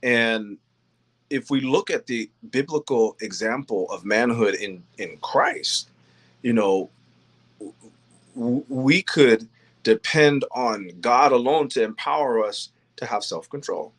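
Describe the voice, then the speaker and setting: Speaking slowly at a medium pitch, the same kind of earnest host delivers a monologue about faith and manhood on his faith-based talk show. Ums and restarts come up often.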